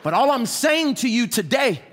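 A pastor with children preaching a sermon fervently, swinging between shouting and hushed tones and calling on the congregation to respond. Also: male voice, very high-pitched, very animated, moderate pace. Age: adult with children.

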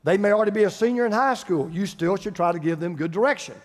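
A man's voice: sits high, fast talker. An older man preaching a sermon as pastor, emphatic, repeating phrases for stress. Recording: long hall reverb.

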